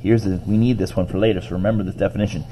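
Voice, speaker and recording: A man's voice: sits low, fairly even intonation, racing, dark tone, slight background noise, low-quality recording. A male teacher reading a book aloud to students, breaking in with chatty asides.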